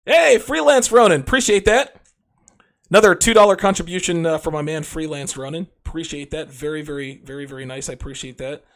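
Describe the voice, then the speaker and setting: A man's voice: on the high side, brisk, a bit bright. A man hosting a show, delivering a brash, crude, lecturing monologue straight to his listeners. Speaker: podcast host.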